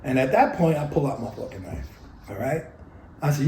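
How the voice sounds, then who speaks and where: Older New Yorker, interviewee, blunt and cursing, mid-pitched voice, roomy recording. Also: male voice, animated, fairly quick, long pauses, warm tone, a little hiss or hum. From New York City. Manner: blunt, profane storytelling. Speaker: oral history interviewee. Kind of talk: oral history storytelling.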